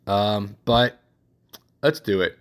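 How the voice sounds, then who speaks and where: A man's voice: on the low side, slow. A man hosting a casual sports picks show, rambling and correcting himself as he thinks aloud. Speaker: sports podcast host.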